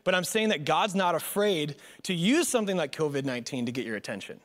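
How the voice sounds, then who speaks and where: A man's voice: a little high, fast talker. A young man preaching a casual sermon as a pastor, joking and telling stories with lots of fillers. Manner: joking, animated storytelling with many fillers. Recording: long hall reverb.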